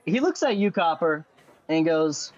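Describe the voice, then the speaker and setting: Lively, high-voiced male game master. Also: measured pace, no echo, dull audio. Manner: animated, playful narration. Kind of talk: narrating a tabletop game.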